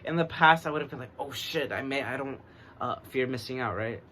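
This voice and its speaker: An American man reading oracle cards in a relaxed, rambling way, speaking in a put-on English accent that he uses to get through a stutter. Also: mid-range voice, brisk, a little hiss or hum. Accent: American trying an English accent. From United States. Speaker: oracle card reader. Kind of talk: casual divination reading.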